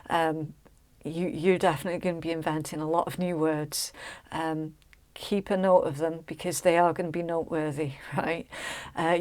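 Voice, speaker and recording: Slow, low-pitched woman reading tarot. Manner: chatty, emphatic, checks in with "okay?" and "right?". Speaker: tarot reader. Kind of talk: casual tarot reading to camera.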